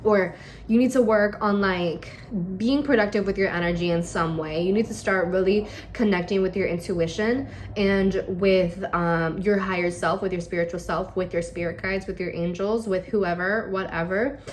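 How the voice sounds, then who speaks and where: A woman reads tarot cards in a casual, unscripted way. She speaks straight to the listener and coaxes them along, often checking in with a quick "okay?". Her voice sits at a middle pitch. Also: fairly even intonation, a little hiss or hum. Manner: direct, coaxing, tags lines with okay and all right. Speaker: tarot reader.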